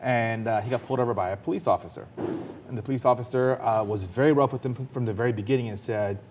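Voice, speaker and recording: A male commentator on a panel tells a personal story, earnest and emphatic, his intensity climbing fast. His pitch is medium, and there's noise in the background.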